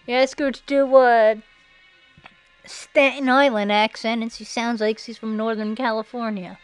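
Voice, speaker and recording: A woman giving sarcastic, mocking commentary over a slideshow, now and then breaking into shrill put-on voices. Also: level tone, measured pace, clear, resonant tone, dry recording, rough recording. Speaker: video narrator. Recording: faint background music.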